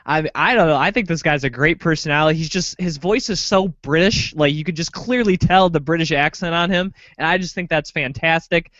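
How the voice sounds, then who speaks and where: A man co-hosting a casual sports podcast, rambling and animated as he breaks down a fight. His voice sits a little high and lands close and dry. The recording is dull and lo-fi. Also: brisk, few pauses, no room sound. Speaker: podcast co-host.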